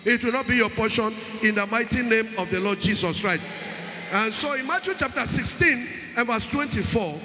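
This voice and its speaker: A man with a Nigerian accent preaching a sermon to his church, mixing in pidgin and rising to shouts. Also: very high voice, expressive, moderate pace, a little hiss or hum. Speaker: pastor. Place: church hall. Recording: echoey church hall with long reverb.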